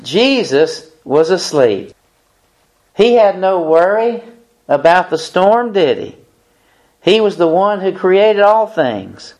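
Male preacher, slightly high voice, unhurried, reads scripture aloud between comments. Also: sing-song, darkish tone. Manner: deliberate, reads aloud from the Bible. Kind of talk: sermon with scripture reading.

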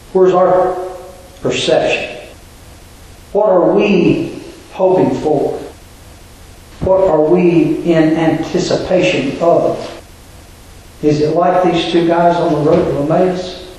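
Slow, high-voiced preacher in an echoey church. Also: male voice, fairly even intonation, dark tone. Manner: rhetorical, asks the congregation questions. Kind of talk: sermon. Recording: very echoey room.

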